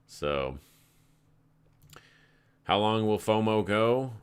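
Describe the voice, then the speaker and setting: A man's voice: deep voice, normal speed, fairly bright tone, clean tone. A man hosting a live crypto trading stream, talking casually through charts and stories in a rambling, laid-back way and swearing freely. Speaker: crypto trading livestream host.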